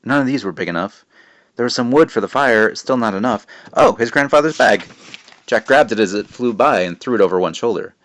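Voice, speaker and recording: A man, the author, reading his children's book aloud with lively narration. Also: lowish voice, fast.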